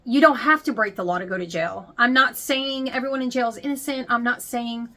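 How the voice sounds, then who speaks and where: A woman's voice: a little high, brisk, sharp tone. Candid woman telling a storytime. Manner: candid, chatty, emphatic. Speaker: vlogger. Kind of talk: confessional storytime.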